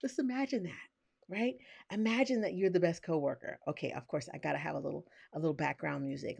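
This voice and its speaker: A woman leading a live online workshop, chatty and excitable, checking in with "right?" as she goes, speaking into a webcam. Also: deep voice, fast, gravelly, over music. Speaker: online course creator and trainer.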